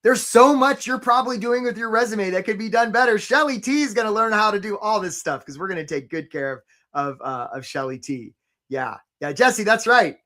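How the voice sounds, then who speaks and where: A man hosting a live career webinar, coaching casually with jokes and giving shout-outs to viewers by name. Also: high-pitched, fairly quick. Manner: energetic and joking, breaks into short mocking impressions of job seekers.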